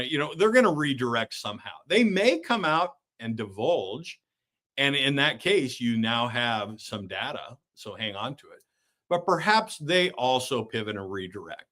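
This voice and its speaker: A middle-aged man leads a live online coaching session in a voice of ordinary, middle pitch. He keeps checking in with the listeners by ending his points with "right?", and he stumbles through fillers and restarts as he explains. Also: sing-song, moderate pace, a bit bright. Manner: tags sentences with "right?", many fillers and restarts. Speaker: career coach hosting a live webinar.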